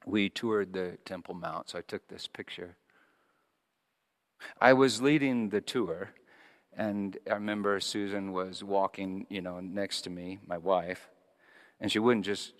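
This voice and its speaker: A man's voice: low-pitched, measured pace, pauses often. A middle-aged man preaching a sermon in a conversational storytelling way, often restarting his phrases. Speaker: pastor. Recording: long reverb of a large hall.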